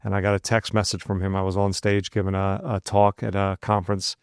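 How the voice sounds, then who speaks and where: A man co-hosting a podcast with a gravelly, somewhat low voice, telling anecdotes in a loose, chatty way. He acts out the back-and-forth of the dialogue in his own voice, with plenty of asides. The recording is dry and close. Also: level tone, fairly quick, no room sound. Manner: loose and conversational, with frequent asides. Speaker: podcast co-host. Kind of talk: casual storytelling chat.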